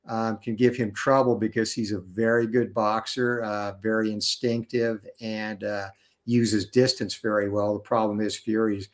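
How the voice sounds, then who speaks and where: A man chatting as a guest, explaining sports knowledgeably with frequent "uh" and "you know" fillers. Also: fairly low pitch. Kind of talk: casual chat.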